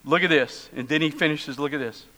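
This sermon comes from a middle-aged pastor whose somewhat high, bright voice carries real force at a fairly quick pace. He mixes humorous stories into his preaching, and the sanctuary adds a long reverb.

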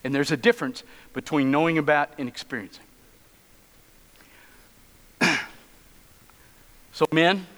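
Speaking from a church sanctuary with long reverb, a middle-aged male pastor tells stories and adds humorous asides throughout his sermon. His voice is a touch high, bright and forceful.

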